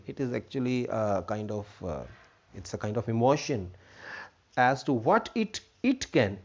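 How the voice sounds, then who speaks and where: A man teaching an English textbook lesson, repeating himself and defining words with many fillers. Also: medium pitch. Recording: dull lo-fi recording.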